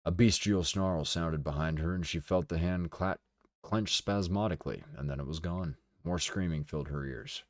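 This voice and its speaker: A man streaming a dramatic reading of a novel, steady and deliberate, with casual asides. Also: low voice, dry recording, studio quality. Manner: steady, deliberate narration with occasional swearing asides.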